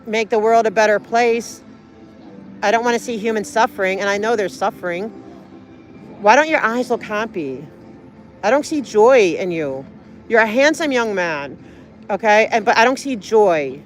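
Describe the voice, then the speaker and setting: A woman's voice: mid-range voice, lively intonation, moderate pace, soft background music. A woman livestreaming outdoors on a city street, talking in an earnest, pleading, rambling way. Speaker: livestreaming auditor.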